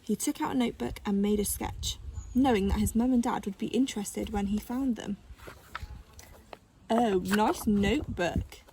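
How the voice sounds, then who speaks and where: Woman reading a kids' chapter book, mellow soft voice, a little husky. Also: medium pitch, steady tone, fairly quick. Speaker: narrator. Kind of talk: reading a children's novel aloud.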